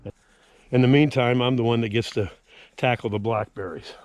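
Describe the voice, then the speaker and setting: A man's voice: mid-range voice, fairly even intonation, moderate pace, darkish tone, dry recording. An older man filming himself outdoors with a handheld action camera, rambling in a folksy, grumbling way as he tours his lakeside yard. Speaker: homeowner giving a yard tour. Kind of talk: casual self-filmed vlog.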